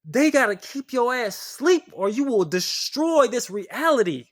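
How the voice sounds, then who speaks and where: In a sing-song, unhurried way, a spiritual video creator gives an impassioned, cursing rant to the camera that swings from quiet muttering to shouts.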